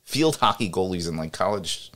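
A man from Long Island with a New York accent, telling stories in a casual chat and trailing off quietly at the ends of his asides. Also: sits low, expressive, moderate pace. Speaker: podcast co-host.

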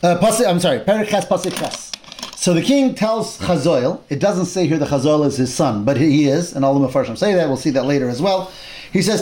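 High-voiced man teaching a Torah class. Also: brisk. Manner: animated storytelling, sprinkling in Hebrew terms. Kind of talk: retelling a Bible text in a class.

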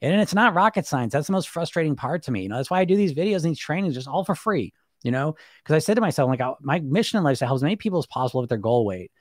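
A man coaching weight loss on a live stream, talking rapidly and bluntly, swearing casually and tagging his points with "right?" and "you know?". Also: fairly high pitch, lively intonation, no echo, studio quality. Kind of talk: live-stream monologue to viewers.

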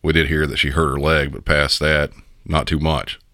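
A man hosting a podcast, giving measured, explanatory commentary on a 911 call. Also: a bass voice, little pitch movement, bright, forceful tone, no room sound, clean studio sound. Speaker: podcast host and 911 dispatcher. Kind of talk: conversational commentary.

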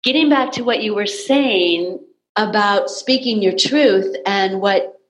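A woman's voice: medium pitch, slow pace, dull audio. A woman hosting a spiritual podcast conversation, speaking in an earnest, emotional way. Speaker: podcast host.

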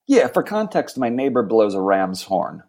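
A man's voice: medium pitch, very animated, normal speed, a little mellow. A man co-hosting a podcast in casual chat from home, rambling with lots of fillers and playful asides. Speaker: podcast co-host.

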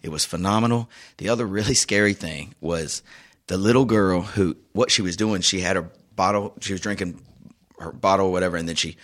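A man and youth soccer coach chatting casually as co-host, telling a story with lively acted-out quotes. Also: sits low, fairly quick. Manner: animated storyteller, acts out quoted voices. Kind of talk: casual chat.

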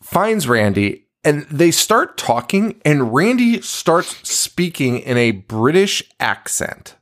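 A man's voice: a little high, takes it slowly. A man co-hosting a casual horror movie podcast, laughing often and swearing freely as he recaps scenes. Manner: laughing, profane, animated. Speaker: podcast co-host.

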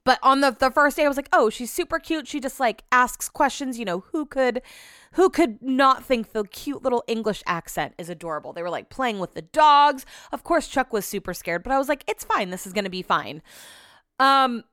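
Chatty woman host, smooth dry voice. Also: high-pitched, expressive, normal speed, fairly bright tone, no echo. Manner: chatty, rambling storytelling with frequent fillers. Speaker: podcast host. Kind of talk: casual chat.

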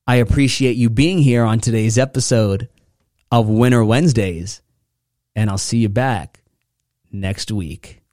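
A man hosting a motivational podcast, speaking in a preachy way that keeps building excitement. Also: mid-range voice, unhurried, no room sound, clean studio sound. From New York. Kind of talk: motivational speech.

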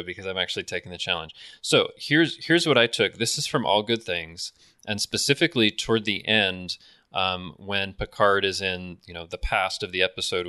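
A man's voice: deep voice, pushed and bright, clear, resonant tone, no room sound, clean studio sound. A man co-hosting a podcast in casual chat, enthusiastic and self-deprecating, often restarting his sentences. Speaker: podcast co-host.

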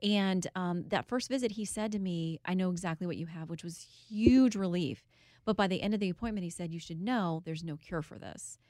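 A woman's voice: fairly low pitch, brisk, darkish tone, no echo. Woman, candid storyteller, earnest, dry studio sound. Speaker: guest, author and TV host. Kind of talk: interview.

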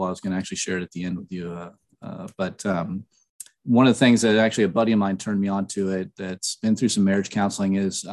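A middle-aged man talking earnestly in an interview, slightly nasal, pausing often with fillers and restarts. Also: on the low side, a little mellow. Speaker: podcast guest, author. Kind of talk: casual interview talk.

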